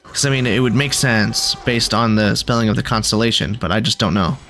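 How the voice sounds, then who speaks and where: A man's voice: on the low side, a little fast, fairly bright tone, soft background music. Chatty man commenting on his gameplay. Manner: chatty, thinks aloud, reacts with sudden exclamations. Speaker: gaming video creator.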